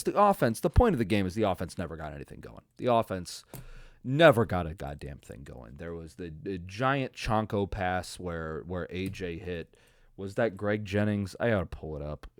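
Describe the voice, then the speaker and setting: A man hosting a podcast, giving a casual, profane football recap that swings from loud frustrated outbursts to low mutters. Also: no room sound, studio quality. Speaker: podcast host. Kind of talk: casual ranting sports recap.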